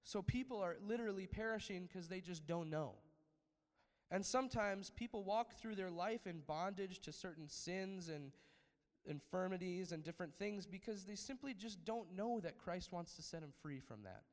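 A man's voice: high-pitched, normal speed, big-room sound. A man preaching a sermon, asking his listeners for amens and building to emphatic peaks. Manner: preaching with call-outs for amen, rising to emphatic peaks. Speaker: pastor.

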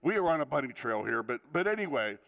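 Gravelly and medium-pitched, a fast-talking pastor in his sixties delivers a sermon with humorous tales about his marriage. He animates them with acted-out quotes and laughter, and his voice trails off into a long reverb tail.

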